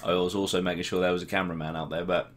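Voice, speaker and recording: Deep-voiced laddish young Norwich man. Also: little pitch movement, rapid-fire. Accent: English, Norwich. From Norwich, England. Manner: laddish, swearing banter. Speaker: streamer. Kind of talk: casual live-stream chat reading comments.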